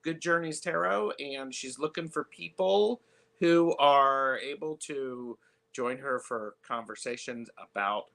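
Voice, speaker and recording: A man hosting a live tarot stream, chatting casually with lots of fillers and pauses. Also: medium pitch, creaky, fairly bright tone. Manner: chatty, halting, many fillers.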